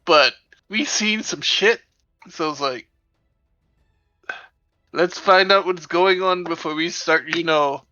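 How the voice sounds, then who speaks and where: A man playing a tabletop game, chatty and quick with out-of-character asides. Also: on the high side, dull audio, faint music behind. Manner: chatty, restarts, excited asides. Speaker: player.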